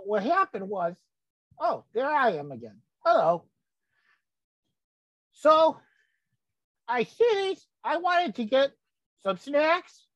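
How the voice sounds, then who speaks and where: A woman's voice: high-pitched, dry recording, lo-fi sound, exaggerated voice. A woman voicing a cranky, rambling old grandfather who gets sidetracked in a folksy comic monologue. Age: older. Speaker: comedy character host.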